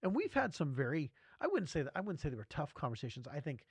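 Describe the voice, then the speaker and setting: Male podcast host, slightly higher voice, dry close mic, animated and self-deprecating. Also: fast talker, slightly rough, dry recording. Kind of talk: casual church podcast discussion.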